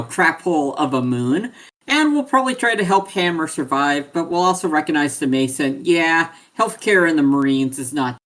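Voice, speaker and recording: Player, mid voice, jokey deadpan asides, casual. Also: medium pitch. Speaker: tabletop game player. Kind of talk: casual joking chat.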